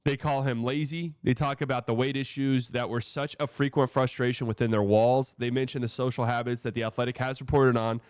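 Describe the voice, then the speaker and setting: A man's voice: mid-range voice, level tone, fairly quick, hardly any pauses, darkish tone, clear, resonant tone, dry recording, clean studio sound. A man hosting a casual sports reaction show, talking in a loose, profane, rambling way.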